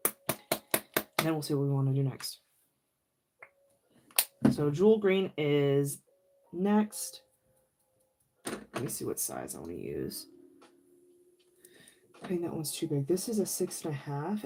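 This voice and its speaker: A woman's voice: low voice, slight background noise. A woman hosting a crafting livestream, chatting and laughing as she works and answers viewers by name. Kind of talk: casual crafting livestream chat.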